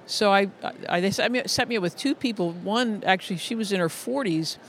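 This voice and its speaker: A man's voice: sits high, a little fast, a bit bright, a little hiss or hum. A middle-aged man, a music educator, telling stories in an interview, earnest and full of restarts and repeated words. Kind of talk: conversational interview storytelling.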